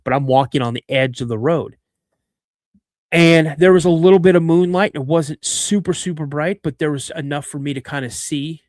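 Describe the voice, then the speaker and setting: A man hosting a podcast, telling a story in an animated way with frequent restarts and asides. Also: fairly high pitch, normal speed, dry recording, studio quality. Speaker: podcast host.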